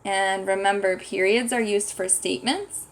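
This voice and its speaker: In a slow, clear classroom lesson, a woman teaches young children to write, patiently thinking aloud and sounding out words. Her voice sits in the mid range, with a steady tone and a moderate pace.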